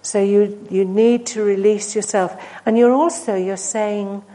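A woman's voice: mid-range voice, fairly even intonation, measured pace, few pauses, poor audio. Earnest woman preaching a sermon. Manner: earnest, rising to emphatic then dropping to hushed.

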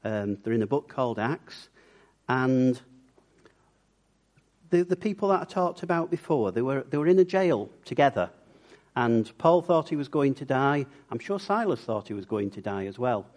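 Lively man preaching with stories. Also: mid-range voice, normal speed. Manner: lively storyteller acting out quoted voices. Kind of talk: sermon with storytelling.

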